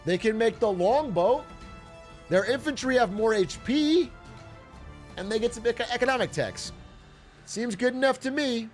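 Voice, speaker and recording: A young man with a very high-pitched, lively voice streams a strategy game, chatting at a moderate pace with long pauses. He jokes, swears and talks himself through his nerves, repeating himself when anxious, with faint game music behind him.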